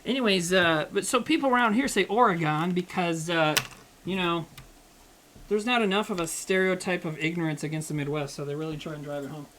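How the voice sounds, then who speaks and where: A man's voice: high-pitched, a little fast, noisy background. A man chatting casually with his livestream chat while he cooks, rambling and swearing, joking at his own expense. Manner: rambling, profane, self-mocking banter with chat. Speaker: streamer cooking live.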